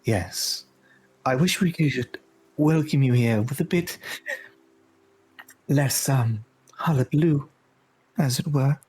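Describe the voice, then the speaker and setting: A man's voice: mid-range voice, takes it slowly, pauses often, darkish tone, close to an everyday voice. A man voicing a gracious, regal fairy queen who speaks with stately courtesy.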